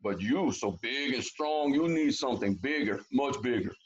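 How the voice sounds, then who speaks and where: A man voicing a sly, lazy trickster crawfish who coaxes and flatters, dropping Cajun French words in a storybook reading. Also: mid-range voice, moderate pace, husky, muffled recording. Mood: flattering.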